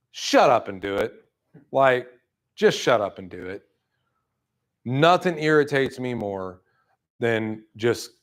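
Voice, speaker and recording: A man giving a motivational sales talk to a room, blunt and fired up, acting out people's excuses in quick asides. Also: fairly low pitch. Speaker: roofing sales trainer. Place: room with an audience.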